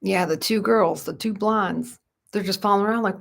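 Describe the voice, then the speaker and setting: A woman's voice: medium pitch, normal speed, creaky. A woman who practices Reiki, chatting casually on a livestream at home at night and cooing to her dogs in baby talk.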